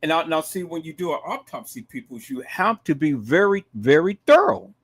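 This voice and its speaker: A man hosting a live stream, giving emphatic commentary to his viewers, dropping to low murmurs and rising to shouted outbursts. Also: very animated, normal speed, slightly rough. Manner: emphatic, repeatedly addresses viewers as "peoples".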